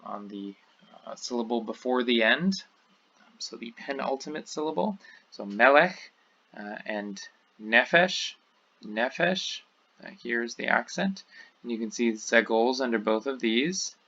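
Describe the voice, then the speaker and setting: Bright-voiced male lecturer, lo-fi. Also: medium pitch. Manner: patient, explanatory, with many fillers. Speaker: Hebrew teacher. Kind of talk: recorded lecture review.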